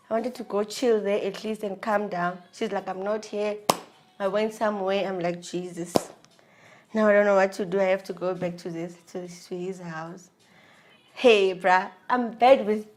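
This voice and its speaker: A young woman with a South African accent, telling a personal story in an animated, laughing, slangy way. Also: on the high side. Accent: South African English. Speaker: vlogger. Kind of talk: storytelling about her marriage.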